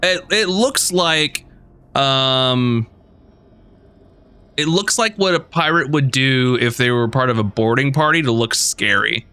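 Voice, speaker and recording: A man's voice: mid-range voice, takes it slowly, bright, forceful tone, smooth, soft background music. A man narrating a tabletop game as game master, rambling with lots of fillers.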